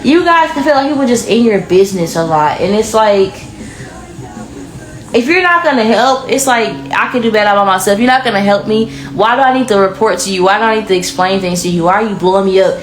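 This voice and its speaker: A woman's voice: mid-range voice, expressive, a little fast. Chatty woman giving a tarot reading. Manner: chatty, blunt, slangy. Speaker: tarot reader. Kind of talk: casual pick-a-card reading. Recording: echoey room with faint music.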